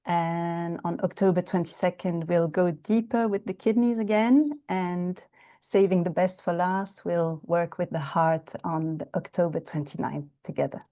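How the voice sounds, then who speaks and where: A gentle woman instructor guides a qigong class over a video call. Her voice sits a little low and sounds mellow, and she speaks slowly and calmly, with small hesitant pauses. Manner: gentle, calm, with hesitant fillers. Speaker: Chinese medicine therapist and qigong instructor.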